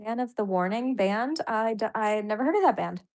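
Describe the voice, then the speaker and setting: A woman's voice: a little high, animated, brisk, a little mellow. A woman hosting a casual live stream, chatting loosely with viewers, reading their comments aloud and laughing often. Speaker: livestream host.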